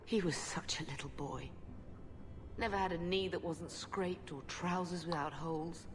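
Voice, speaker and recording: An actress voicing a grieving middle-aged noble mother in a video game, soft and earnest. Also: lowish voice, moderate pace, crowd noise, natural voice. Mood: sorrowful. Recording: long reverb on game voice. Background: game music.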